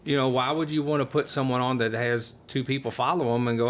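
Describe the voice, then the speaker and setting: A man, a retired race car champion, guesting on a podcast and telling stories with lively acted-out quotes. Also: medium pitch, quick pace. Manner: animated storyteller, acts out others' lines. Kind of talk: casual storytelling interview.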